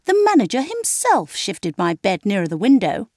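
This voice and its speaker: A woman's voice: medium pitch, wildly swooping pitch, normal speed, darkish tone, dry recording, clean studio sound. A woman reading a storybook aloud and voicing a pompous, wordy young man. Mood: airy.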